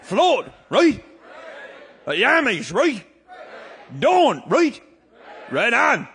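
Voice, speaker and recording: A man with a Newfoundland accent telling a comic tall tale to a live audience, shouting and laughing as he goes. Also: very high-pitched, huge pitch swings, very slow, vocal fry, some chatter behind, a little hiss or hum. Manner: rollicking, shouting and laughing through a yarn. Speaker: storyteller.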